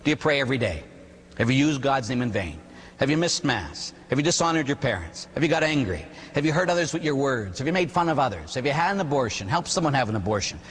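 Husky-voiced priest preaching in a reverberant church. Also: male voice, mid-range voice, fast. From Pittsburgh area, USA. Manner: animated storytelling with acted quotes and "huh?" tags. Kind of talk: sermon. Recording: long hall reverb.

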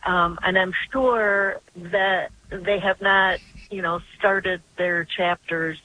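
Older woman calling in, bright-voiced. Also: fairly low pitch, fairly even intonation, slow, a little hiss or hum, rough recording. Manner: earnest, chatty storytelling. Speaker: caller. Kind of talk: phone-in call.

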